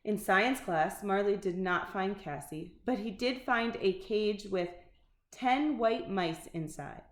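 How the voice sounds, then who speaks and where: Brief: woman narrating a kids' picture book, very slow and expressive, echoey room. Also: medium pitch. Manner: expressive, unhurried storytelling. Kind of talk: reading a children's picture book aloud. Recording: roomy echo.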